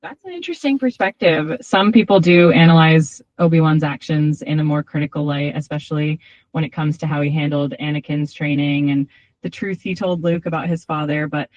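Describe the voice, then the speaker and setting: A woman's voice from an AI voice assistant, answering politely and upbeat in a smooth, even manner. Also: low voice, a little fast, dry recording, muffled recording. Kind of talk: cheerful assistant replies.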